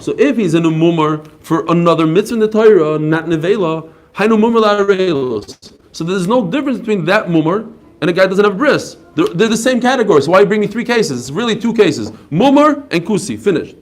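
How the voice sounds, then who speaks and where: A man giving a daily Talmud class, telling stories with quick asides. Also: high-pitched. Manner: animated storytelling, quick asides. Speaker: Talmud teacher. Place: study hall class.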